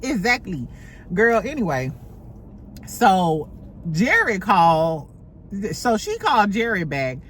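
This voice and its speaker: A woman hosting a casual reality TV recap at home, animated and profane. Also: mid-range voice, slow pace, pauses often, slight background noise. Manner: animated, mimics cast members, profane. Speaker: podcast host recapping reality TV.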